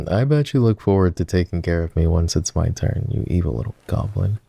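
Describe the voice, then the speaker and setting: A low, gravelly boyfriend murmurs close in a whispered role-play, as a man plays him. He is protective and teasing, with a mellow, relaxed tone. The sound is dry and close. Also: moderate pace, exaggerated voice. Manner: teasing, affectionate. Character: protective, teasing young boyfriend caring for sick partner. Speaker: voice actor.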